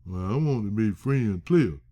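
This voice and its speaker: A man voicing a stubborn, skeptical male client who keeps repeating himself, a bit higher and louder than his teaching voice. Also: animated, moderate pace.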